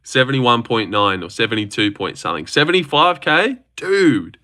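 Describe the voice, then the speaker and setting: Brash, bright-voiced Australian young man. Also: moderate pace. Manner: animated and brash, swears a lot, big pitch jumps. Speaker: livestream host. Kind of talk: casual livestream chat, reading viewer comments.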